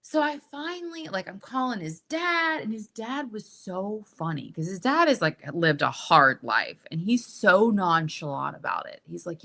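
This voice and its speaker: Bright-voiced woman telling a wild story. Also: medium pitch, moderate pace, creaky, few pauses. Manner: animated, profane, acts out quotes. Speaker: podcast guest telling a story. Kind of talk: casual storytelling chat.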